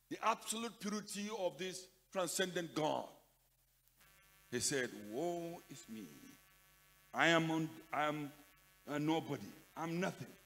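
Older Nigerian-accented pastor preaching in a hall. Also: male voice, on the high side. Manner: emphatic, repeats phrases, swings from loud to soft. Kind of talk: sermon. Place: large conference hall. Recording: long hall reverb.

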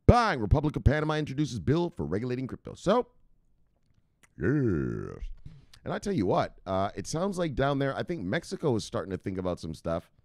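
Brash, profane man with a lively pitch. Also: fairly quick, no echo, clean studio sound. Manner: profane, brash, chuckling to himself; talks straight to viewers, asking for agreement. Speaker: host of a crypto news channel. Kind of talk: casual solo video commentary.

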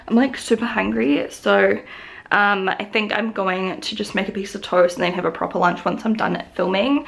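A woman's voice: medium pitch, steady tone, moderate pace, gravelly. A woman in her twenties with a New Zealand accent, rambling casually through a home vlog with lots of fillers and the odd whispered aside. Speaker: vlogger. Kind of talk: casual daily vlog chat.

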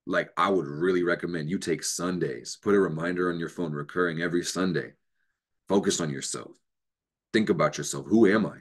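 A man's voice: low-pitched, fairly quick. A man hosting an astrology show, giving an unscripted motivational talk, emphatic and profane, with bursts of laughter.

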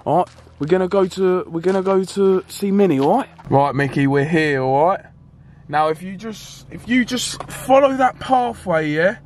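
Young man with a high voice. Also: moderate pace, slight background noise. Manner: shouting pleas and commands, then calm to-camera wrap-up. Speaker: vlogger. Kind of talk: acted skit vlog. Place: outdoors and in a car at night.

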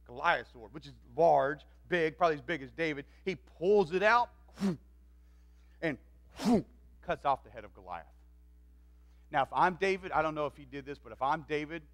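A man preaching a sermon, retelling a story in an animated way and acting out its voices. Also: a little high. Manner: animated, acts out quoted voices. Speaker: pastor. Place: church.

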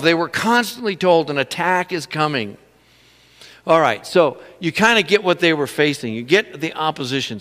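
A middle-aged man preaching a sermon, animated and breaking into laughter as he tells stories. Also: high voice, long reverb tail. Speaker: pastor.

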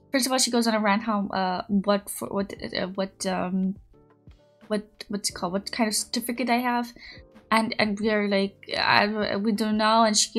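A young woman streaming, chatting casually and rambling through a story, with high squeals when she greets viewers. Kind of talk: casual chat.

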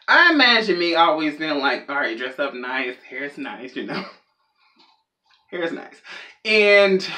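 A man's voice: a little high, bright, forceful tone. A young man telling a rambling, self-mocking comedic story as a vlogger. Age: young adult.

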